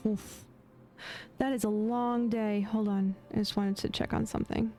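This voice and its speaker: A woman's voice: mid-range voice, level tone, moderate pace, mellow. A woman streamer chatting casually while playing a game, laughing often and trailing off into fillers and restarts. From United States. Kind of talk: casual chat while gaming.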